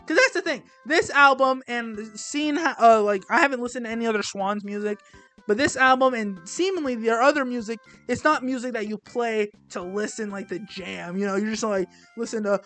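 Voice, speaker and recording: A young man talking casually as he ranks albums, rambling and self-deprecating, with many halting restarts. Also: extremely high pitch, a bit bright, faint music behind. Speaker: music reviewer. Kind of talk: casual album ranking monologue.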